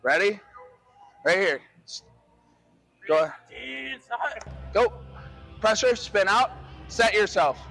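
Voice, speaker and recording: A man's voice: high-pitched, lively intonation, drawn-out words, pauses often, bright, forceful tone, faint music behind. A man coaching a quarterback through drills on an outdoor field, giving direct, encouraging instructions. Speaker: football coach.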